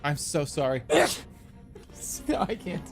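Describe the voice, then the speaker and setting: Man, a bit high-pitched, casual streamer, flustered and giggly, over clear game music. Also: expressive, slow. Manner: giggly, flustered, apologetic rambling. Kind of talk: casual gaming stream chat.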